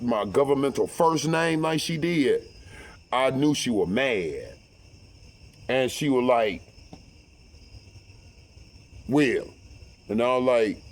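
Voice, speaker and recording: Middle-aged man, casual storytelling, profane, animated, mid-pitched. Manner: profane, animated, acts out every voice.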